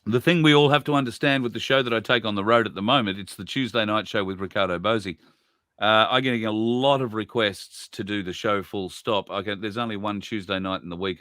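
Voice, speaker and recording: A man's voice: on the low side, bright, forceful tone, dry recording. An Australian man hosting a live stream in a rambling, chatty way, laughing often. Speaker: host. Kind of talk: casual live-stream chat.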